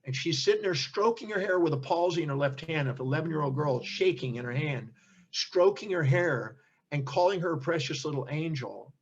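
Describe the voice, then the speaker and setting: Husky-voiced older man telling a story. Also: fairly high pitch, brisk, muffled recording. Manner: animated storyteller, acts out quoted speech. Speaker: interview guest, seminar teacher. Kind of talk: storytelling in an interview.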